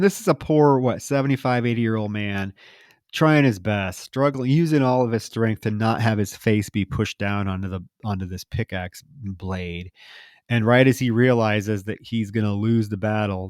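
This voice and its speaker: A man with a fairly low voice recaps a horror movie on a podcast, chatty and animated, and he slips into quick impressions of the characters. The sound is dry and close, with no room around it. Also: dry recording. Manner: animated retelling, quoting characters. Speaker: podcast co-host. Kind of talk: casual film recap chat.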